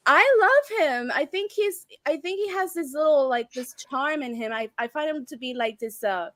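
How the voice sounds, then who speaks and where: Chatty high-voiced woman. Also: expressive, moderate pace, a bit bright, no echo. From not from the UK. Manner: chatty, lots of fillers, questioning. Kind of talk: casual chat.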